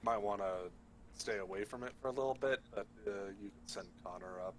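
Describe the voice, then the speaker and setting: A man playing in a tabletop role-playing game, talking haltingly and thinking aloud with many pauses. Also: on the low side, slight background noise. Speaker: player.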